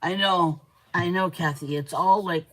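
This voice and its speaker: A woman's voice: lowish voice, measured pace, fairly bright tone, poor audio. A woman hosting a casual live stream, rambling and chatting with viewers as she reads their comments aloud. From Canada. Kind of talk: casual live-stream chat while crafting.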